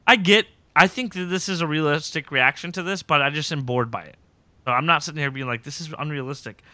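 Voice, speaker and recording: A man hosting a podcast, recapping episodes in casual chat and acting out scenes in quick impressions. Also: fairly high pitch, pushed and bright, dry recording.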